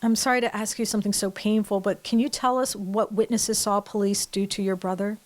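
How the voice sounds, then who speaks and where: Woman hosting a news show, calm scripted commentary, asks lots of rhetorical questions. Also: medium pitch, fairly quick. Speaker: host.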